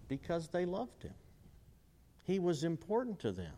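A middle-aged man preaching a sermon, asking the crowd questions and swinging between loud and quiet. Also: huge pitch swings, moderate pace, long pauses. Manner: call-and-response questions, dramatic swings in pitch and volume. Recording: long hall reverb.

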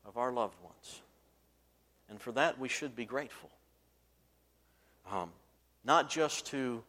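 A man with a mid-range, slightly bright voice tells a story while preaching from the pulpit, performing its characters' voices with mounting force. Long hall reverb fills the recording.

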